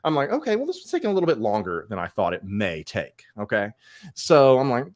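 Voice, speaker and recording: A man's voice: medium pitch, fairly quick. A man co-hosting a casual podcast chat, telling a story and acting out the people in it. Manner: animated storytelling, acts out quoted exchanges. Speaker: podcast co-host. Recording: online call.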